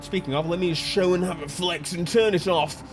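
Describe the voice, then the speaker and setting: A man with a high voice gives lively commentary over a racing game. He jokes around and laughs easily, with faint music playing in the background. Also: normal speed. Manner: excitable, jokey, laughs often. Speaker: gaming channel host.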